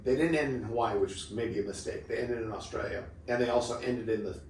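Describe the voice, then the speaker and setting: A man's voice: mid-range voice, fast. A man in his fifties from southern California, a podcast guest telling stories in a loose, rambling way full of "like". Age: 50s. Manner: loose and rambling, lots of filler "like". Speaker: podcast guest, former pro surfer. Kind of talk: relaxed storytelling. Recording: roomy echo, distant mic, steady noise.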